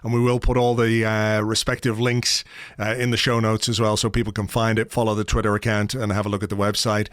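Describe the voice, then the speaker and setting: A man hosting a podcast, giving chatty, jokey announcements and repeating details slowly. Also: fairly low pitch, flat delivery, a bit bright, dry recording, clean studio sound. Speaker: podcast host.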